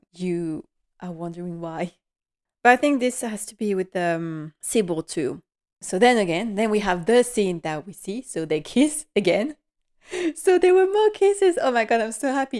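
A woman hosting a podcast, giving an animated and emotional episode recap with nervous laughter. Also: mid-range voice. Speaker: podcast host.

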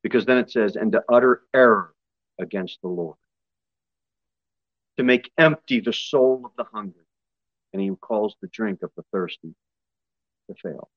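A male pastor preaching a sermon, his voice jumping high and loud for emphasis before dropping back low. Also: normal speed, long pauses, no room sound, lo-fi sound. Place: church.

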